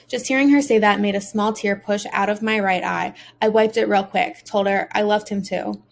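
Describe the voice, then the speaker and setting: Woman reading audiobook, first-person teen boy story, gravelly vocal fry, earnest, emotional. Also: mid-range voice, steady tone, moderate pace. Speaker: audiobook narrator.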